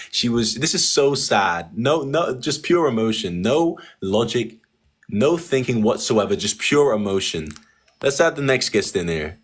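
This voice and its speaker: A man hosting a live online debate stream, talking in a calm, condescending way and repeating phrases slowly. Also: fairly low pitch. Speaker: livestream debate host.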